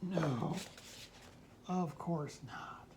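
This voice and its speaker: Slow, playful woman reading a picture book. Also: deep voice, background noise. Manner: playful, mimics sounds and asks the listener questions. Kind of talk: reading a children's book aloud.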